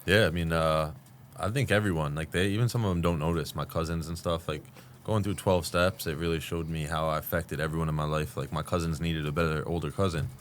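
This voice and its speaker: A man's voice: very deep voice, steady tone, fairly quick, slight background noise. A man in his thirties, a guest candidly telling his recovery story in a rambling way, full of fillers. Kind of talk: candid podcast conversation.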